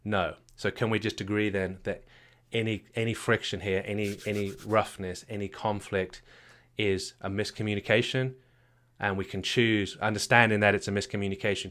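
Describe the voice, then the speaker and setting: A man's voice: low-pitched, fairly bright tone. A man from the UK, a marriage coach teaching a live session with emphatic rhetorical questions and frequent repetitions. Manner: emphatic, rhetorical questions, many repeated words.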